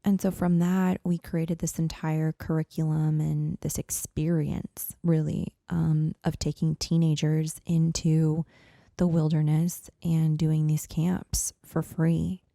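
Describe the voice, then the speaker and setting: A woman in her thirties telling a personal story as a podcast guest, earnest and animated, with lots of "like" and "you know.". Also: sits low, slow, creaky, no echo, studio quality. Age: 30s.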